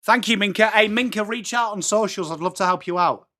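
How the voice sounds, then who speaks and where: This middle-aged English livestream host, English accent and all, runs a football watchalong where he chats with viewers by name, reads their messages and calls the play live. His voice sits high and sounds sharp, and he talks briskly.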